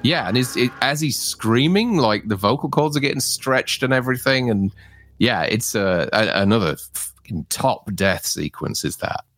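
A man's voice: medium pitch, lively intonation, normal speed, fairly bright tone. A man co-hosting a casual film discussion, enthusiastic and full of fillers. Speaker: co-host.

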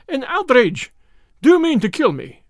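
A man reading aloud, voicing a cowardly, scheming Russian man who talks softly. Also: sits high, sing-song, fairly quick, creaky, dry recording, studio quality, heavily acted. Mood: hysterical. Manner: soft, silky, turning hysterical.

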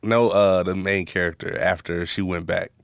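A man co-hosting a casual chat, relaxed and laughing often, thinking aloud as he talks. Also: low voice, moderate pace, creaky, no room sound, clean studio sound.

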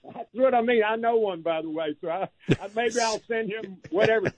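A man calling in to a radio show, cracking wry deadpan jokes. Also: sits high, fairly quick. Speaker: caller. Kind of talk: phone-in chat. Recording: dull phone line.

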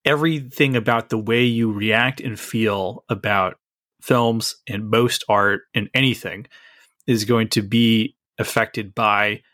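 A man co-hosting a podcast in casual chat, thoughtful, with many fillers, slowing down to make a point. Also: lowish voice, fairly even intonation, a bit bright, no echo, clean studio sound. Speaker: podcast co-host.

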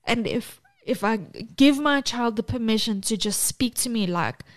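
A woman's voice: fairly high pitch, lively intonation, unhurried. A woman co-hosting a podcast, talking candidly and close to tears, frank and swearing. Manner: emotional, tearful, frank with swearing. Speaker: podcast co-host.

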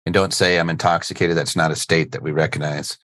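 Deep-voiced joking male podcast host. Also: fairly even intonation, fast, a bit bright, no echo. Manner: jokey, laughs easily, rambling. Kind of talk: casual live webinar chat. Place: studio.

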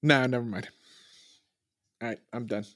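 Man calmly explaining his game move. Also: medium pitch, normal speed, no room sound, studio quality. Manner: casual, explaining moves step by step. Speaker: player. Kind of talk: casual tabletop game chat.

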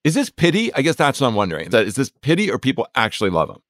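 A man's voice: mid-range voice, wildly swooping pitch, very fast, a bit bright, no echo, studio quality. A man hosting a podcast, curiously questioning his guest. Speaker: podcast host. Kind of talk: interviewing.

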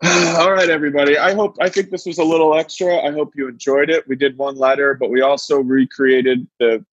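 A man's voice: fairly quick, dry recording, muffled recording. A man in his thirties, a podcast co-host, telling a story in casual chat and acting out quotes in a raised voice. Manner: animated, acts out quotes in high voices.

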